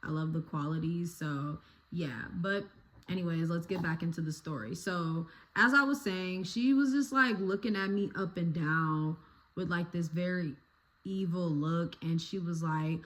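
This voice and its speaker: A woman's voice: lowish voice, a little slow. A young woman telling a story to her phone camera, chatty and loose, swearing freely and filling with "like" and "you know". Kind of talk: casual storytime vlog. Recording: roomy phone recording.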